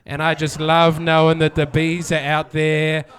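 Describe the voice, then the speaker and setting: A man's voice: on the high side, monotone, measured pace, a bit bright. A man doing a sardonic stand-up set, chatting with the crowd and acting out quotes. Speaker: stand-up comedian. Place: comedy venue with live audience.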